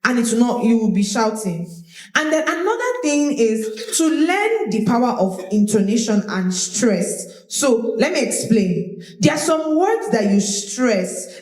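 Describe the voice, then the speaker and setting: Woman, public speaking coach, animated, demonstrative, echoey hall. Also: on the high side. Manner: animated, demonstrative, repeats words. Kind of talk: live workshop teaching. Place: large room with audience. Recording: roomy echo of a hall.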